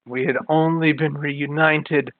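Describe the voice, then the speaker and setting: A man's voice: on the high side, fairly even intonation, measured pace, no room sound, natural voice. Man voicing a solemn superhero defender. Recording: phone-like online call.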